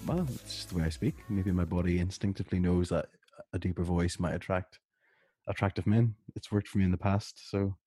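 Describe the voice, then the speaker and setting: A man's voice: low voice, fairly even intonation, a little fast, warm tone, slightly rough, dry recording, faint music behind. A man co-hosting a podcast, firing off dry joking comebacks in casual chat. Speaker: podcast co-host.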